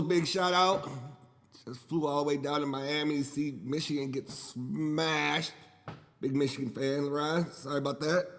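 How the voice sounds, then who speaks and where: Profane joking man in a reverberant room. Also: fairly high pitch. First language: Spanish. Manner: loose, profane, joking and rambling. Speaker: podcast host. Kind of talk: casual solo podcast monologue. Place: home.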